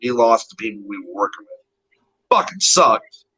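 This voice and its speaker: A man's voice: fairly low pitch, very animated, moderate pace, sharp tone, slightly rough, rough recording. A man telling a rambling story in casual, profane chat, blunt and full of swearing.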